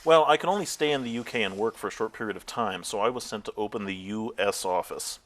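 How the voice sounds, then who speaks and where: A man's voice: on the low side, quick pace, a bit bright. A man interviewed as a tech company founder, telling candid stories about his career with frequent fillers and laughing at himself.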